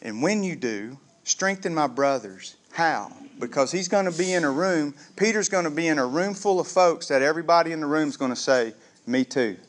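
A man preaching a sermon, conversational and animated, calling the congregation "gang" and asking them questions. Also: fairly high pitch, moderate pace. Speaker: pastor.

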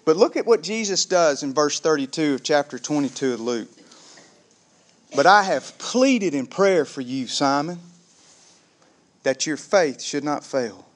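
A man preaching a sermon, conversational and animated, calling the congregation "gang" and asking them questions. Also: a little high, a little slow. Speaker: pastor.

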